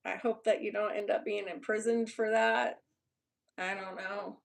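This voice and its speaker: A young woman with a Texan accent chats on a live stream at an unhurried, drawn-out pace. Her voice sits at an ordinary middle pitch. She talks bluntly and loosely, swears freely and laughs a lot. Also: little pitch movement, gravelly. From Texas. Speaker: YouTuber. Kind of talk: casual live-stream chat with viewers.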